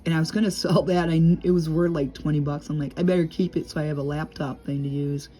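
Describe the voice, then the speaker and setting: A woman's voice: steady tone, fast, faint music behind. Rambling chatty middle-aged woman vlogging. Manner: rambling and chatty, laughs often, drops low and quiet at times. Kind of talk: casual monologue to camera. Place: at home.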